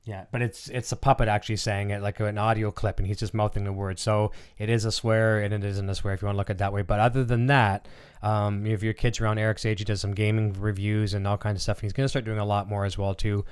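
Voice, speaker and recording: A man hosts a relaxed live stream in a lowish voice, rattling along at a quick clip. His speech stays smooth and clear, though he drops plenty of ums and uhs between thoughts. He sounds like a friendly channel host chatting off the cuff. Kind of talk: casual live-stream chat.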